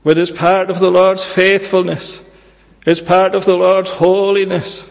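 A man preaching a sermon in a church, earnest and measured, pleading with his hearers and pausing often on "eh". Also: high-pitched, little pitch movement, gravelly, in a large hall.

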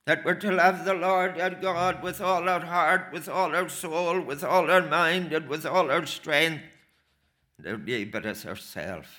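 A man preaching a sermon, slow and emphatic, repeating phrases for weight. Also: on the high side, bright, forceful tone.

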